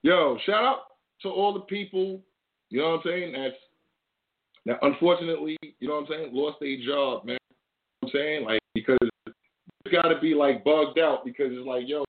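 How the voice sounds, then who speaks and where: A man's voice: fairly high pitch, moderate pace. A man hosting his own show, ranting casually in loose slang with lots of swearing. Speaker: show host. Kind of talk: casual rant to camera. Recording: tinny phone-like audio.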